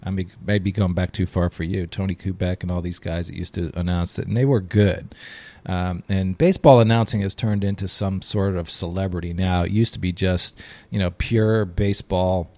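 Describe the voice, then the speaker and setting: A man's voice: low voice, fairly even intonation, moderate pace, dark tone, no echo. A middle-aged man hosting a casual sports podcast, easygoing and reminiscing as he steers the talk. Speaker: podcast host.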